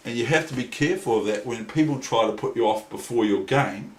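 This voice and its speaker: A man's voice: mid-range voice, brisk. A man with a New Zealand accent giving a casual chess lesson, rambling and hesitant. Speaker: chess teacher. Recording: echoey room, faint noise.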